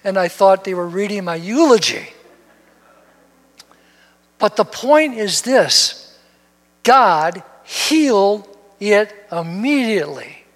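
A man with a high voice preaches in a large hall, his words trailing in long reverb. He tells stories in an animated way, doubling words as he pushes on. An older pastor. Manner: storytelling, animated, repeats words when excited. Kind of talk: sermon. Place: church sanctuary.

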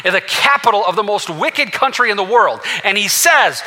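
A man's voice: high voice, lively intonation, moderate pace, pushed and bright. A man preaching a sermon as senior pastor, telling a scripture story with acted-out quotes and rising to fervent peaks. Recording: long reverb of a large hall.

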